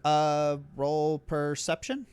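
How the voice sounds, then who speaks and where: A man's voice: on the high side, slow, a little mellow, smooth. A man running a tabletop game as game master, laid-back and hesitant, with many fillers. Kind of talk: narrating a tabletop game over voice chat.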